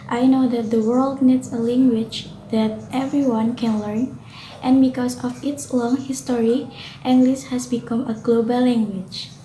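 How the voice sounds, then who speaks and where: A woman's voice: a little high, fairly even intonation, a little slow, warm tone. Earnest Indonesian-accented young woman student. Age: young adult. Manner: earnest, with occasional slips and self-corrections. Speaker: student presenter. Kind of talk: reading a prepared class reflection. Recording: roomy, with faint noise.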